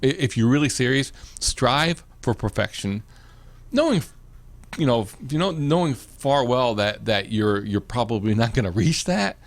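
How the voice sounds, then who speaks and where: A man's voice: mid-range voice, lively intonation, a little slow, dry recording. A man hosting a live video show, chatting casually with many restarts and "you know"s. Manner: rambling, repeats words, many "you know"s. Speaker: host.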